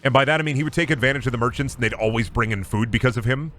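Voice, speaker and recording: A man's voice: medium pitch, rapid-fire, bright, forceful tone, a little hiss or hum. A young adult man streaming a game, chatting in a rambling, profane, joking way. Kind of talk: casual livestream chat.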